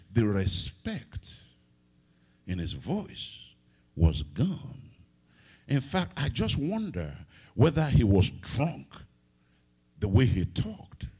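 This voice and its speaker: Preaching as a pastor, a middle-aged man from Africa alternates loud sung-out lines with quiet, low asides. His voice is slightly rough.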